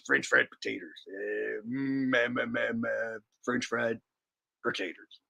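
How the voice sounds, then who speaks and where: A man doing a slow, halting mumbler. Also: steady tone, vocal fry, pushed and bright, breathy edge, no room sound, heavily acted. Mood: mumbling. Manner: halting, stammering, low mumble. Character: slow, mumbling simple-minded southern man from a film.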